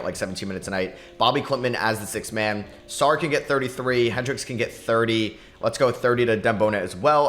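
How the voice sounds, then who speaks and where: A young man giving excitable, quick commentary on his own basketball video game, talking to himself as he plays. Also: fairly low pitch. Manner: excitable, talks to himself while playing. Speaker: gaming YouTuber.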